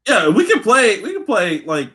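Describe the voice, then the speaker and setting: High, lively-voiced man chatting. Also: normal speed, husky. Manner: animated, laughing, acts out reactions. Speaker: podcast co-host. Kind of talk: casual chat.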